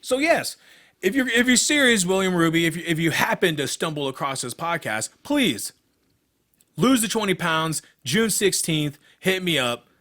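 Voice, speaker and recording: The young man's high, sing-song voice carries a bright, forceful tone at a moderate pace. As an MMA fighter co-hosting a casual podcast, he gets heated about his fighting career, speaking bluntly and cursing freely.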